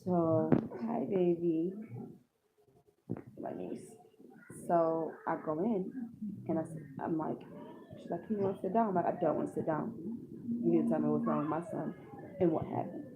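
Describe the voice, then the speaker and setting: A woman's voice: low voice, steady tone, moderate pace, creaky, long pauses. A mother retelling a painful personal story with raw, tearful emotion, acting out her own words as she goes. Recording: tinny phone-like audio with background noise.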